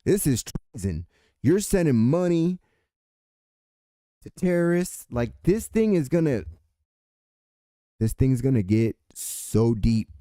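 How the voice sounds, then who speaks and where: Male political commentator from California, heated profane rant, mid pitch, dry. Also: big pitch swings, slow, pauses often, mellow, dry recording.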